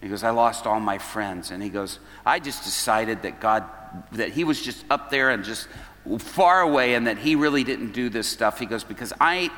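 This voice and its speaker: A man's voice: lowish voice, pushed and bright. A man preaching at an evening service, telling a story and acting out the dialogue line by line. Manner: retells events as dialogue, quoting each person. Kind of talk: storytelling sermon. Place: church hall at an evening service. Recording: long reverb of a large hall.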